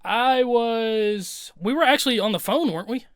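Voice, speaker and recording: A young man co-hosting a casual podcast, telling stories in an animated, excitable way and swearing freely. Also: very high-pitched, rapid-fire, no echo, studio quality. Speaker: podcast co-host and rapper. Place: home desk.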